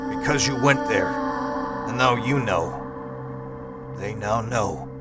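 A man voicing a menacing, unhinged man who talks in low, slow, ominous mutters. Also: loud music behind the voice. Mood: eerie.

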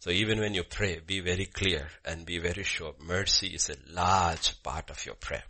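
A man preaching a sermon with a personal story, swinging from loud emphasis to hushed murmurs. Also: low voice, moderate pace. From Bhutan.

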